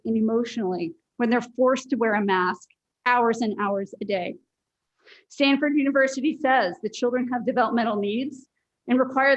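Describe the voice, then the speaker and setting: Fiery mother confronting a board. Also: a little high. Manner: forceful, confrontational, emotional. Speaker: parent speaking at public comment. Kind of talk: impassioned public comment. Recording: dull lo-fi meeting audio.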